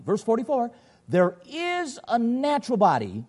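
A man's voice: sing-song, normal speed, warm tone, husky. A man preaching a sermon, emphatic, firing rhetorical questions and reading scripture aloud. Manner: emphatic, rhetorical questions, sweeping pitch swings.

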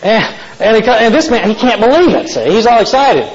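A man's voice: high-pitched, sing-song, a little fast, dull audio. A man preaching to a congregation, telling folksy stories and asking the listeners questions. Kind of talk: sermon.

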